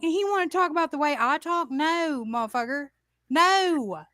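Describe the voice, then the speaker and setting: A woman's voice: sits high, expressive, moderate pace, a bit bright, no room sound, studio quality. A woman hosting a casual talk stream, swearing freely and telling incredulous stories. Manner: profane, laughing, incredulous storytelling. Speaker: talk show host. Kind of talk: casual chat. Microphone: livestream studio mic.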